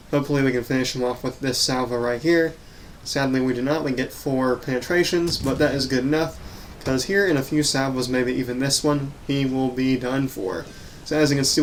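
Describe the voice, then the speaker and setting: A man's voice: medium pitch, slight background noise. A man narrating casual voice-over commentary on his recorded gameplay, correcting himself and stammering now and then. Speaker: gaming channel host.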